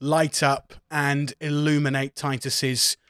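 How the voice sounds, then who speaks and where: A man's voice: on the high side, flat delivery, slow, a bit bright, clear, resonant tone, dry recording, studio quality. A man running a tabletop game as game master, chatty and often laughing. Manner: giggly, loose and chatty.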